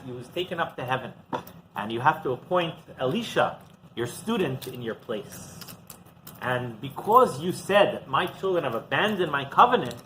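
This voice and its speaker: Animated rabbi telling a Torah story. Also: male voice, a little hiss or hum, rough recording. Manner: animated retelling, voices quotes higher and louder.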